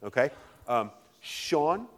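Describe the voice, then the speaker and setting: This middle-aged Virginian man, a literature professor, has a mid-range, fairly bright voice with big swings in pitch. He rattles along quickly in a lively classroom session, teasing and joking with the audience while choosing volunteers.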